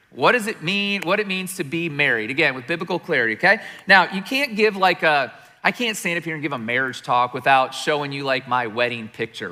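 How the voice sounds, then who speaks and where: A middle-aged man preaching a sermon in a large church, conversational and animated, acting out little scenes as he goes. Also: high-pitched, in a large hall. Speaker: pastor.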